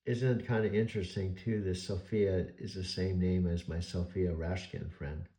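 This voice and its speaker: A man in his sixties chatting casually with a voice assistant, telling stories excitably and laughing. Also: deep voice, normal speed, reverberant. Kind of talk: casual chat.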